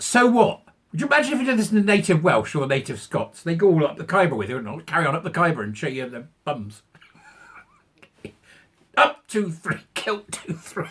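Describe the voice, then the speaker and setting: English male commentator, husky voice, mocking and sarcastic, big swings in pitch. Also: a bit bright. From England. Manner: mocking, sarcastic, laughs at own jokes. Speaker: online commentator. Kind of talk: ranting commentary.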